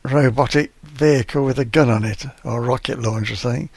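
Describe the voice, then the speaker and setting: An older man chatting politely on a livestream, gently bemused, with old-fashioned turns of phrase. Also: mid-range voice, brisk, breathy edge. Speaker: guest, the streamer's father. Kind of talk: casual chat on a charity livestream.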